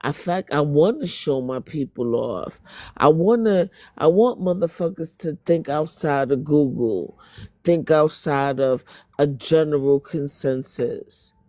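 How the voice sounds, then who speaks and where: Streamer, woman, New York accent, confrontational rant, mellow but strained voice. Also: deep voice, unhurried, no room sound. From Spanish Harlem, New York. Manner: blunt, confrontational, profane. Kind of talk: heated monologue to viewers.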